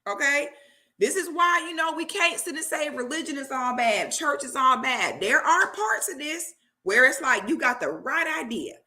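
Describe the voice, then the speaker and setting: A woman's voice: sits high, lively intonation, moderate pace, bright, forceful tone. A woman vlogger who talks emphatically and preachily, checking in with "okay?" as she makes her points. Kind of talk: commentary vlog.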